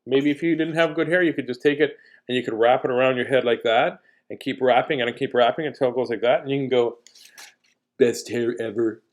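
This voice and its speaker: A man's voice: medium pitch, fast. A man reading a bedtime picture book aloud, breaking off for playful, jokey asides to his listeners. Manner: jokey, animated, chatting to listeners. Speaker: storyteller reading a bedtime story.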